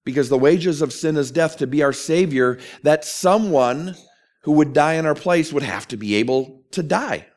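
A man's voice: fairly high pitch, expressive, normal speed, darkish tone. A man preaching a sermon as a pastor, earnest and emphatic, asking questions of his listeners.

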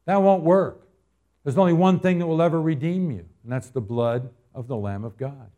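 A man from Arizona preaching a sermon as pastor, telling homespun stories and building to loud, emphatic appeals. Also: a little high, fairly quick, lo-fi sound.

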